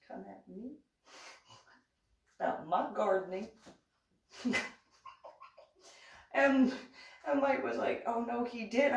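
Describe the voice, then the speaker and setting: A woman vlogger telling a story in a casual monologue, indignant and animated, acting out the dialogue. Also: medium pitch, unhurried, pauses often. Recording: roomy echo, voice far from the mic.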